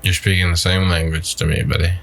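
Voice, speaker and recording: A young man co-hosting a podcast in casual chat, blunt and profane with deadpan humor. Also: deep voice, quick pace, creaky, slight background noise. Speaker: podcast co-host.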